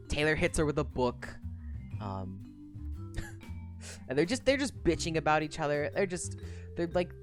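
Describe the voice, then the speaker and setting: A young woman streamer casually recapping a story, swearing freely, giggling and rambling with lots of fillers. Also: a bass voice. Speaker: streamer discussing a web serial.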